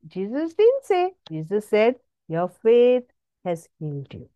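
Slow, animated woman preaching. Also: fairly high pitch, dry recording, highs cut off. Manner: emphatic, repetitive exhortation with sudden rises. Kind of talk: sermon.

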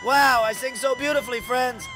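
A man hosting a reaction video, calling out excitedly at clips and pleading with viewers to subscribe. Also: very high-pitched, normal speed, music in the background. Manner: exclamatory, keeps begging viewers to subscribe.

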